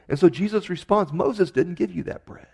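A man's voice: high voice, normal speed, creaky, a little mellow, husky. A man preaching a sermon in a conversational way, with emphatic rises on key phrases. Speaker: pastor.

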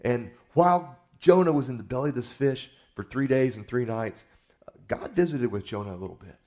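A male pastor preaching in a relaxed, storytelling way, talking to the congregation like neighbors. He is folksy and conversational, often doubling back on his own words mid-sentence, with a voice sitting right in the middle of the usual range. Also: medium pitch, fairly quick. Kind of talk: sermon.

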